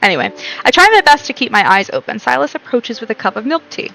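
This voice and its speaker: A woman's voice: fairly high pitch, big pitch swings, quick pace, gravelly, pushed and bright, a little hiss or hum, rough recording. Chatty woman streamer reading a game aloud. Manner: chatty, laughs and comments between lines.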